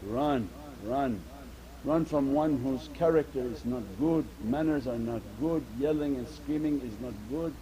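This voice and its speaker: A man's voice: mid-range voice, a little slow, a crowd in the background, rough recording. A man giving an earnest Sufi sermon, repeating his points and mixing Arabic religious terms into English. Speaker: Sufi teacher.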